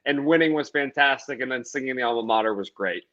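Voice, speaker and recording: This is a young man in his twenties telling relaxed anecdotes during a casual talk. His pitch is in an ordinary middle range. His audio is muffled and lo-fi, with its top end dulled. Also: fast talker. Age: 20s. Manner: easygoing storyteller, chuckles while telling anecdotes. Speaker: co-host. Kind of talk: casual storytelling chat.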